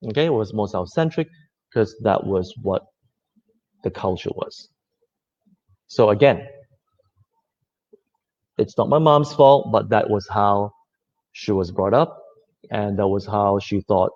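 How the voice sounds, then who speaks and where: A man giving a reflective talk, speaking gently and conversationally, with many fillers. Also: lowish voice, slow pace, pauses often. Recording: slightly dull lo-fi audio.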